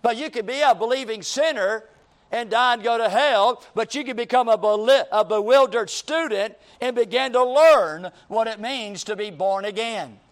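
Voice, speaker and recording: High-voiced preacher man. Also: moderate pace. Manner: preaching with rising emphasis and repeated questions. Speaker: pastor. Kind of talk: sermon.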